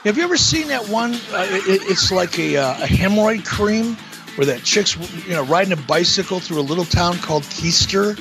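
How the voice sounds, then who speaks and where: A man, a podcast guest, telling crude anecdotes in casual chat with an animated, emphatic delivery. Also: normal speed, music in the background. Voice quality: animated, emphatic delivery with big pitch swings. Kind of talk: casual profane storytelling.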